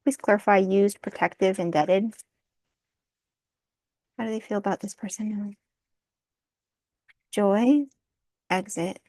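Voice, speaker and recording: A woman's voice: mid-range voice, slow pace, long pauses, darkish tone, dry recording. A woman doing a casual tarot card reading, thinking aloud, often breaking into laughter and apologizing. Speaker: tarot reader.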